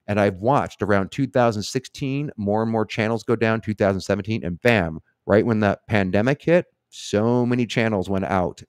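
A middle-aged man talking casually on a live stream, his voice fairly low and close up. He rambles at length, swears freely and leans hard on his points, all in a dry room with no echo. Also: darkish tone. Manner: rambling, profane, emphatic.

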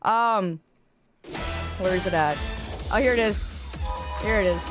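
A woman game streamer chats casually with her viewers over music, her voice medium-pitched and unhurried. She's goofy and rambling, laughing often and poking fun at herself.

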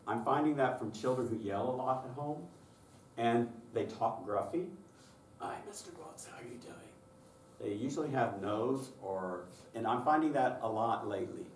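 A man leads a conference-room workshop on children's singing, talking animatedly and lapsing into high falsetto to copy children's voices in sung demonstrations. He is a choir director, and the recording is roomy and distant with faint noise.

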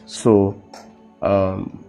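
Deep-voiced Nigerian man telling his testimony. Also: level tone, faint music behind. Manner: halting, repeats words, drops into quiet emotional tones. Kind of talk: personal testimony in casual conversation.

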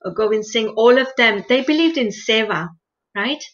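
A woman guest in an interview, explaining spiritual practice in an earnest, gently instructive way and repeating phrases for emphasis. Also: fairly high pitch, animated, normal speed. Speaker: interview guest, meditation teacher. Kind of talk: conversational interview. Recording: lo-fi muffled sound.

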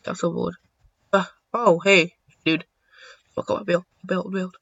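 Excitable high-voiced young guy gaming. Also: normal speed, vocal fry, husky, no room sound. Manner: excitable, joking, swears, sings to himself. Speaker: gaming YouTuber. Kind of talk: casual gameplay commentary. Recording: dull lo-fi dry sound.

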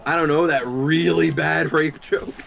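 A man's voice: on the high side, steady tone, a little slow, gravelly, a crowd in the background. A young man bantering bluntly and swearing while playing a co-op game. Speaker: co-op game player. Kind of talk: casual gaming chat.

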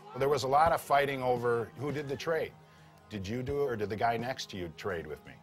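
A man's voice: medium pitch, fairly quick. A male trader with an ordinary mid-range voice speaks matter-of-factly about the pits. Faint music plays behind him. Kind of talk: documentary interview.

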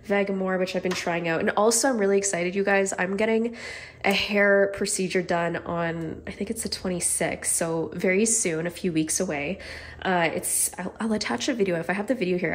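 A woman with a stuffy cold voice chatting casually about beauty products in a vlog, upbeat and trailing off mid-sentence. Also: fairly low pitch. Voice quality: nasal, stuffy. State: congested from a cold. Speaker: beauty vlogger. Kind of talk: casual product chat to camera.

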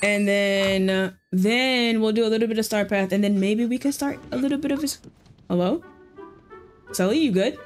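Soft music plays behind this female streamer, who keeps up an excited, slang-heavy chat with her viewers during gameplay in a mid-range voice at a moderate pace.

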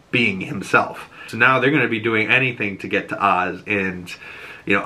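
A man's voice: on the low side, sharp tone. A man hosting a podcast, recapping a TV episode in a loose, chatty way with plenty of swearing and filler words. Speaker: podcast host.

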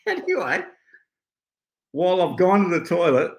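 A man's voice: high voice, a little slow, roomy sound. A middle-aged Australian man, a guest on a podcast, telling stories in a casual chat with frequent laughter. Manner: storytelling, laughing, animated.

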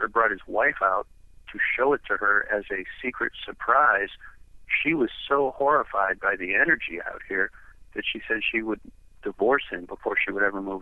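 A ranch owner from the eastern United States calls into a radio show as a guest and tells a long, rambling story full of fillers. His voice is fairly low and creaky. It comes over a tinny telephone line that sounds dry, with no echo.

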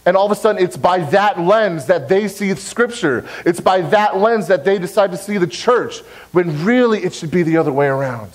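A man's voice: high voice, expressive, moderate pace, hardly any pauses, poor audio. A young adult man, a pastor, preaching a sermon in a church in an earnest, direct way, repeating key phrases to press the point. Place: church sanctuary.

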